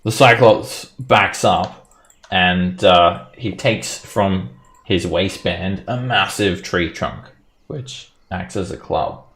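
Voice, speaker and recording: A man narrating as game master of a tabletop game, in a relaxed, casual way. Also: deep voice, takes it slowly.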